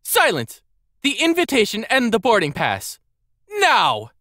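A man's voice: very high voice, wildly swooping pitch, extremely slow, no room sound, studio quality, voice pushed up, exaggerated voice. A man voicing an arrogant, cruel young lady who snaps contemptuous insults at her servant. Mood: scornful, imperious. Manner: contemptuous, snapping and shouting insults.

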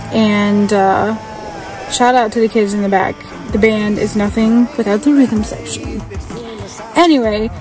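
A woman giving a scripted music review on a podcast, brisk and blunt with casual swearing. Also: medium pitch, a little mellow, poor audio.

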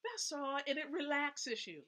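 A woman's voice: high-pitched, lively intonation, measured pace, bright, forceful tone. A woman hosting a casual live stream, giving chatty, emphatic tips and often checking in with her viewers. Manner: chatty, emphatic, asks the audience questions. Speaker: host.

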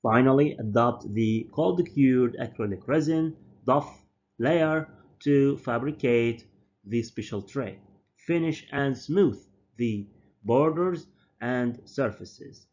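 A man, a native Arabic speaker, giving a university dental lecture slowly and deliberately, often repeating and correcting his terms. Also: medium pitch, darkish tone. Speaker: dental professor. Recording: dull lo-fi lecture recording.

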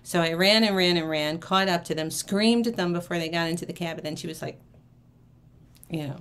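A woman's voice: fairly low pitch, a little fast. Woman, live-auction host, casual chat, storyteller who acts out quotes, mutters asides. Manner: chatty, acts out quoted people in a lively way. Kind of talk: live shopping stream, chatty.

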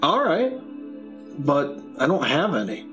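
A man's voice: on the high side, big pitch swings, takes it slowly, a bit bright, exaggerated voice, low-quality recording. An actor playing a laid-back young man on a film crew, offhand and dry, in a movie clip. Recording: movie clip with music behind.

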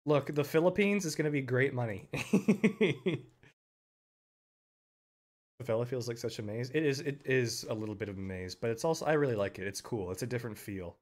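A young man streaming a game, chatting casually with viewers, laughing often and breaking into loud outbursts. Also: mid-range voice, moderate pace. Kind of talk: casual live-stream commentary.

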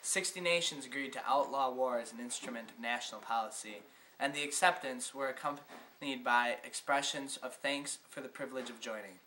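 A young man reads a school history report in the style of a news broadcast. His voice is bright and clear, with a faint hiss on the home recording. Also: mid-range voice, brisk, poor audio. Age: teen or young adult. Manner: announcing, reading out facts. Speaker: student narrator of a school history project. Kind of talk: mock news narration.

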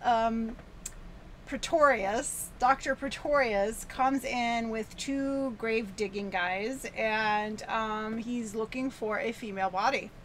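A woman's voice: a little high, slow, a bit bright, a little hiss or hum. A woman co-hosting a casual chat about an old film, recapping the plot with many ums and frequent laughs. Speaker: podcast co-host.

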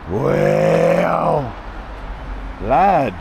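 A man's voice: medium pitch, animated, a little slow, noisy background. A young man, chatting casually and slangily as a vlogger at an outdoor car yard, thinking aloud as he goes. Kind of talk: casual vlog chat.

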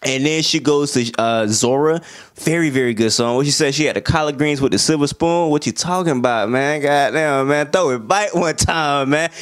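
A young man talks through an album review in a casual, slangy way, often getting excited. His voice sits a little higher than most men's. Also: moderate pace, clean tone. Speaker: music reviewer.

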